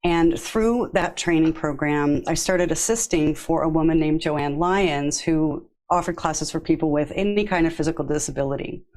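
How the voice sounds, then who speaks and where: A woman guest on a podcast, a yoga therapist, telling her story in a warm, chatty way and laughing easily. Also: low voice, moderate pace, hardly any pauses, low-quality recording. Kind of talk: casual interview.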